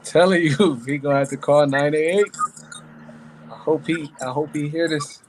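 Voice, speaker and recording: A man co-hosting a casual live-stream chat, chiming in with quick agreement and relaxed slang. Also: fairly high pitch, background noise. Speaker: co-host.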